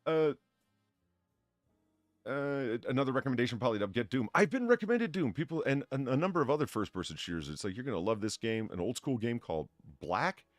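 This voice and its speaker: A man's voice: mid-range voice, very animated, fairly quick, no room sound, clean studio sound. A man hosting a casual podcast, reading out donations, often laughing and repeating words. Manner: laughing, stammering restarts. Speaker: podcast host.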